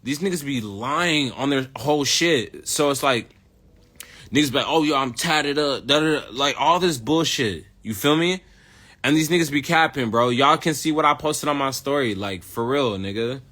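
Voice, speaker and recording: A man's voice: mid-range voice, moderate pace, fairly bright tone. A young man from the United States ranting in a casual, rambling, heavily profane way. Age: young adult. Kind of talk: casual rant.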